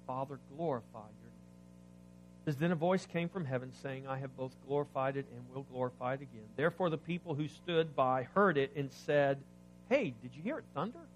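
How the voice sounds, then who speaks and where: A man preaching a sermon, reading scripture aloud and explaining it, asking the congregation questions, swinging between loud emphasis and quiet asides. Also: mid-range voice, animated, fairly quick, soft background music. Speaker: pastor.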